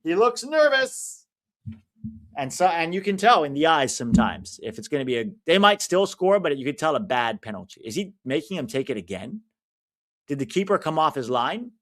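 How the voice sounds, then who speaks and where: An American man commenting casually on a live football match for his stream viewers, reacting loudly to big moments. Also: a little high, sing-song, brisk. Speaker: watch-along streamer.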